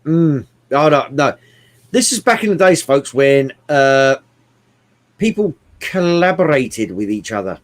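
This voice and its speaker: A man chatting casually about films, animated and swearing often, with bursts of mimicry. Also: medium pitch, a little slow. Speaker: podcast co-host. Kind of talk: casual movie chat.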